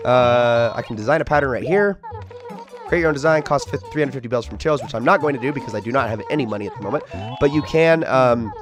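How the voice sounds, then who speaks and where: A man hosting a video game let's play, chatting casually and lively, often tripping over his words. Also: medium pitch, fast, music in the background. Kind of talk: casual gameplay commentary.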